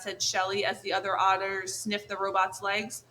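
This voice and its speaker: Bright-voiced woman reading a storybook. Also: medium pitch, completely flat delivery, normal speed, few pauses, slight background noise, poor audio. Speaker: audiobook narrator. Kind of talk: scripted audiobook narration.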